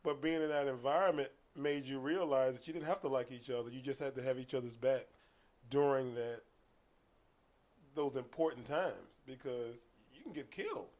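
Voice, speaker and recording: As a guest on a podcast, a man tells stories in casual conversation with a medium-pitched voice at a moderate pace. He's animated, slipping into hushed asides before breaking out in loud bursts.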